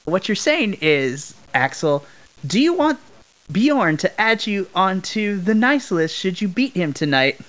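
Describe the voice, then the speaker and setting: A man's voice: high voice, sing-song, unhurried, a bit bright, full character voice. A man doing a chipper little ring interviewer lady. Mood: announcing. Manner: bubbly, fawns over a puppy. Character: tiny woman backstage ring interviewer.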